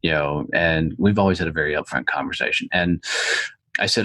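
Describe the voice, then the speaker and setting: Speaking fairly quickly in a very deep voice, a middle-aged man from the United States recounts his story while being interviewed on a podcast. The recording has no room sound, and his delivery is blunt, animated and full of profanity.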